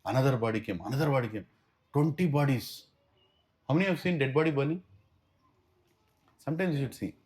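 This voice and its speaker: A man with an Indian English accent teaching a spiritual class through stories, animated and switching between Hindi and English. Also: mid-range voice, fairly quick, pauses often. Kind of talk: storytelling class talk.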